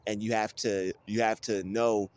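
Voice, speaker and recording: A man's voice: fairly low pitch, flat delivery, measured pace, darkish tone, a little hiss or hum. A man giving an informal spiritual teaching about Bible verses, talking casually with many restarts and repeated phrases. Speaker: spiritual video creator.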